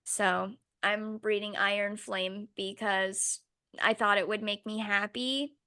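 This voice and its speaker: A young woman co-hosting a podcast, ranting sarcastically in a casual, animated chat with some swearing. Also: mid-range voice, slow pace, smooth. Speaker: podcast co-host.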